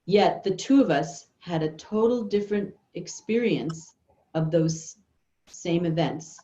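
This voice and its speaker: A middle-aged woman giving a workshop talk and telling a personal story, unhurried and thoughtful, pausing often. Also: lowish voice, warm tone. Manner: unhurried, thoughtful, with many pauses and fillers. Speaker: workshop speaker. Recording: dull, echoey room recording.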